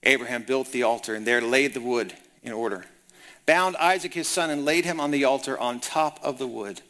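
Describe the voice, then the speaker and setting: A man's voice: medium pitch, normal speed, fairly bright tone. A man preaching a sermon, reading scripture and retelling it in casual, conversational paraphrase. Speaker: pastor.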